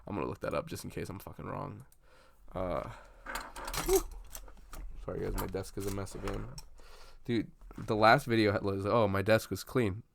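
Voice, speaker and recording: A young man chatting casually at his desk about a film he just saw, rambling and swearing with lots of fillers and excited bursts. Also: low-pitched, moderate pace, vocal fry, pauses often, noisy background. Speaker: vlogger. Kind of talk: casual movie reaction chat. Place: at a desk indoors. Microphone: computer webcam.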